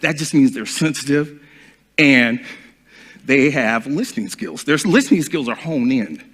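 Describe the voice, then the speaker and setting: Animated guy teaching a seminar, bright voice, lots of ups and downs, echoey lecture hall. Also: medium pitch, a little slow, slightly rough. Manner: animated, acts out dialogues. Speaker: speaker and trainer. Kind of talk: seminar talk.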